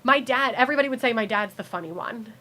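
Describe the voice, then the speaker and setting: A woman's voice: fairly high pitch, fast talker, sharp tone. A young American woman, a TV meteorologist, chatting as a guest in a casual interview, rambling with many restarts and fillers. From United States.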